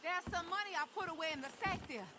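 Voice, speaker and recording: A woman's voice: very high voice, fast talker, loud music behind the voice. A frightened captive young woman. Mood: relieved. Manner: desperate, tearful pleading. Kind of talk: video game voice acting.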